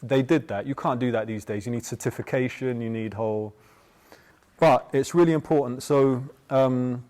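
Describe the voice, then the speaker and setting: A man in a middle pitch gives a relaxed Buddhist teaching. He talks in a loose, rambling way, restarts often, and keeps checking in with the listeners. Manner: chatty, tags points with "yeah?". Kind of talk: informal dharma talk.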